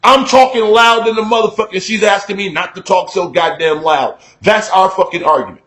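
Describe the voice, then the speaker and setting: Middle-aged guy ranting on the radio, cussing, fairly high voice, echoey room. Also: a little fast, few pauses. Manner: profane, emphatic, conversational, gets loud when worked up. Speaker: radio talk show host. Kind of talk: candid talk-show monologue.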